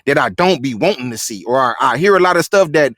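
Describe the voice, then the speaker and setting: A middle-aged man hosting a casual interview, animated and laughing, filling talk with "you feel what I'm saying". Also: medium pitch, fast, dry recording, studio quality. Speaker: interview host.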